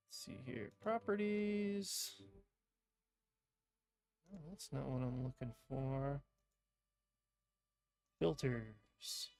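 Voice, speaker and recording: A man casually chatting to viewers while opening trading card packs at home, playful and talkative. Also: fairly high pitch. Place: room at home with fans running.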